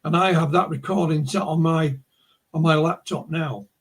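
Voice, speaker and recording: Yorkshire guy, kinda husky voice, higher pitched, rambles on with lots of "you know"s over a video call. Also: moderate pace. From Yorkshire, England. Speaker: guest. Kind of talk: casual conversation, storytelling.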